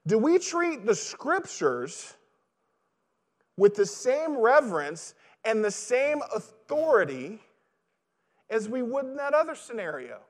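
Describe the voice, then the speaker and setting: Man, pastor, very high voice, conversational sermon, rhetorical questions.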